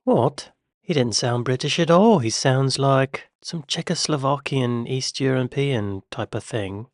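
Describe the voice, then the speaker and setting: American dude reacting to clips, chatty and self-deprecating, dry close-mic sound. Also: male voice, mid-range voice, lively intonation, measured pace, no echo. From United States. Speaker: YouTube reaction host. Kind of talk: casual reaction commentary.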